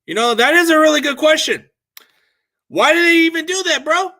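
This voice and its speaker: A man's voice: very high voice, animated, moderate pace, pushed and bright. A man hosting a casual post-game sports talk, venting his frustration in a profane, rambling rant while answering chat comments. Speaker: sports show host.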